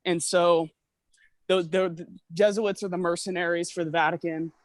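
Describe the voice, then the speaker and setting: A man's voice: high voice, flat delivery, moderate pace, no echo. Guy rambling on a call, kinda winded from walking, dry close sound. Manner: rambling, many fillers and restarts. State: out of breath from walking. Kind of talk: casual conspiracy chat.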